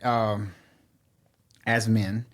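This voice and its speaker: A man's voice: on the low side, flat delivery, drawn-out words. A middle-aged man, a podcast guest telling a story in casual conversation and acting out his own quotes. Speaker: podcast guest, former firefighter.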